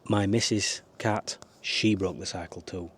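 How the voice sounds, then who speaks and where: An unhurried vlogger with a low, husky, slightly bright voice and fairly even intonation shares life advice to camera from a small camper van. He's rambling and earnest, swearing from time to time.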